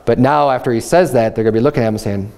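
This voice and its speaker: A man's voice: medium pitch, very fast, gravelly, a little mellow. A man preaching a sermon in a loose, conversational way, often restarting his sentences. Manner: conversational Bible teaching with frequent restarts and "you know". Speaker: pastor.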